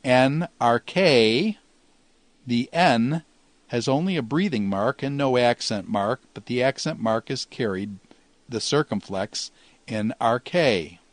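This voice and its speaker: A man teaching a Greek grammar lesson in a measured, explanatory way, slowing down to pronounce each Greek word. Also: medium pitch, animated, no room sound.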